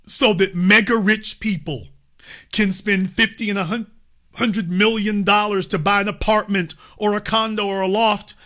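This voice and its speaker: A man hosting a political commentary show, speaking emphatically with rhetorical questions and drawn-out stresses. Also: sits high, steady tone, bright, forceful tone.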